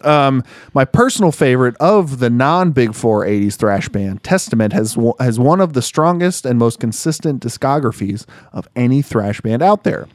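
A man's voice: mid-range voice, lively intonation, normal speed, dry recording. A man with a mid-range voice co-hosts a casual podcast chat, dry and teasing. His voice is recorded close and dry. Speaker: podcast co-host.

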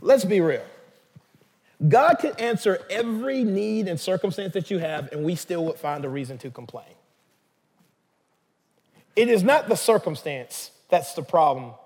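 A man's voice: high voice, expressive, measured pace, pauses often, a little mellow, husky, long reverb tail. A man pastor delivering a sermon in a conversational, emphatic manner.

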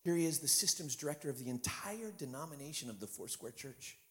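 A man in his fifties preaching a sermon as guest pastor, telling stories and building up to shouted preaching. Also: on the high side, lively intonation, fast talker. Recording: long hall reverb.

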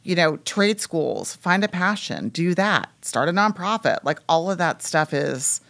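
A woman's voice: on the low side, lively intonation, measured pace, creaky, fairly bright tone. A woman in her fifties hosting a casual interview, chatty and agreeing, full of "like" and "you know.". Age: 50s. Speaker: podcast host.

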